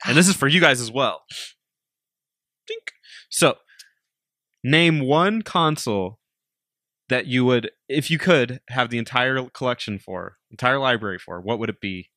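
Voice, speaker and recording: A man's voice: mid-range voice, lively intonation, a little slow, pauses often, sharp tone, no room sound. Man, podcast co-host, casual chat, eager questions, dry close mic. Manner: eager, asks questions, hesitant restarts.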